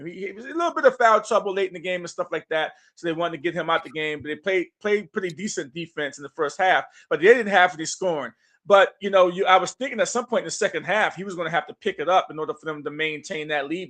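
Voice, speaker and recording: A man's voice: a little high, fast, a bit bright. A man co-hosting a sports podcast, talking basketball in an emphatic, punchy, hyped-up way. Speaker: podcast co-host. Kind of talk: casual sports talk.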